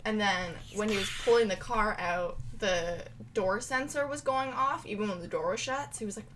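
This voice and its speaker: A young woman co-hosting a casual podcast on a headset mic, telling animated stories full of "like". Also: medium pitch, moderate pace, a little hiss or hum. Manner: animated storyteller, heavy filler 'like', bursts of laughter. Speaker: podcast co-host. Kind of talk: casual chat.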